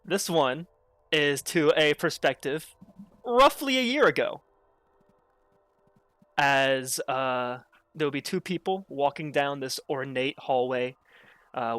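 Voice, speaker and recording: A man's voice: medium pitch, fairly bright tone, no echo. A man narrating a tabletop game as game master, in a loose, casual way full of hedges like "kinda". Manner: casual, full of fillers and restarts.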